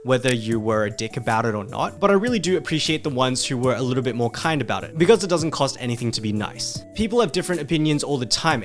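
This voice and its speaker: A man, a video creator, giving scripted gaming commentary in an analytical way, openly owning up to his past mistakes. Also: medium pitch.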